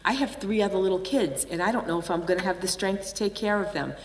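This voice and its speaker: An older American woman speaks quickly in a mid-range voice, with slight background noise, during a storytelling keynote in a large conference hall. She's an animated storyteller who acts out the voices of the people she quotes, and a distant mic catches the hall's reverb.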